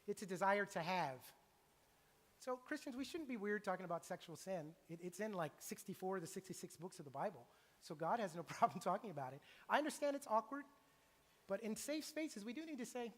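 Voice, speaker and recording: A middle-aged man preaching a sermon in a church, animated and acting out the voices he quotes. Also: sits high, fairly quick. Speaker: pastor. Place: church sanctuary. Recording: long church reverb.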